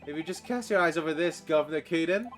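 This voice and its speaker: A man doing a gruff Scottish prison governor. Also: fairly high pitch, fast talker, soft background music, close to an everyday voice. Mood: blustering. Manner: brusque, blustering. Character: gruff blustering male prison governor, middle-aged. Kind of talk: reading game dialogue aloud.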